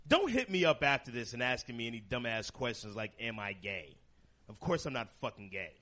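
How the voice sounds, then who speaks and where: Brash man doing crude stand-up. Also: fast. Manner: crude, deadpan shock humor with sudden high-pitched outbursts. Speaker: stand-up comedian. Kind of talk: stand-up comedy set.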